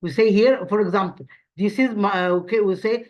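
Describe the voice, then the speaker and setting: A woman's voice: medium pitch, darkish tone, highs cut off. Woman teaching English with many repeats. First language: Arabic. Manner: repeats model sentences slowly, many restarts and fillers. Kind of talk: online grammar lesson.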